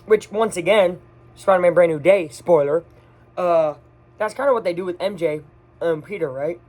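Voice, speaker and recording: A person reviews a movie straight off the top of their head, with a middling pitch. They gush excitedly and speak in quick bursts. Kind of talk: casual off-the-cuff movie review.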